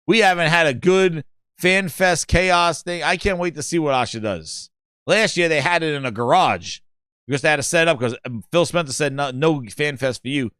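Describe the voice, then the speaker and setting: A man's voice: on the high side, normal speed, pushed and bright, smooth, dry recording, clean studio sound. A man hosting a gaming channel, rambling and mocking in casual, profane commentary.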